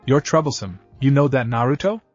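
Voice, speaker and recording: A man's voice: medium pitch, a little fast, a little mellow, natural voice. A man voicing a lazy, bored teenage boy ninja who grumbles, muffled, faint music. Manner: grumbling, drawling.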